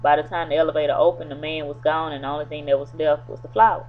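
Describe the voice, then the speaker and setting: A woman's voice: sits low, fairly even intonation, fast. A woman casually retelling a TV episode in a loose, rambling way, full of fillers. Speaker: TV episode reviewer. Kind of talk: casual spoken episode recap. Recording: tinny phone-like sound with faint hum.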